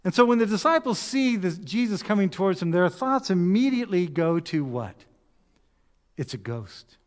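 A man preaching a sermon, telling the story with animated voices and reading scripture aloud. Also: high-pitched, normal speed, long reverb tail. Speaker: pastor.

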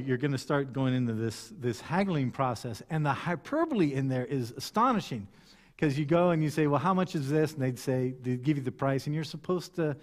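A male pastor giving a sermon in a conversational, storytelling way with frequent restarts. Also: on the high side. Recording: long hall reverb.

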